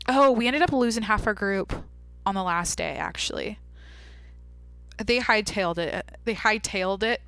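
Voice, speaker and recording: A woman's voice: medium pitch, unhurried, pauses often, a bit bright, smooth, soft background music. A young woman hosting a podcast, talking candidly in a rambling, casual way with lots of "like". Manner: rambling, candid, heavy use of "like". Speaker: podcast host. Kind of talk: casual monologue.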